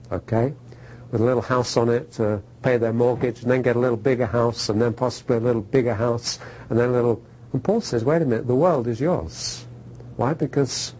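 A man's voice: mid-range voice, a little mellow, husky, low-quality recording. A man preaching a sermon to a congregation in a conversational way, asking rhetorical questions and telling stories. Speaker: pastor.

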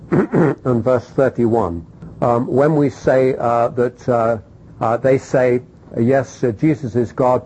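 Husky, mellow-voiced man preaching. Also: poor audio. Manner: emphatic, rising to stressed peaks then dropping low; rhetorical questions and repetition. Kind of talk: sermon teaching.

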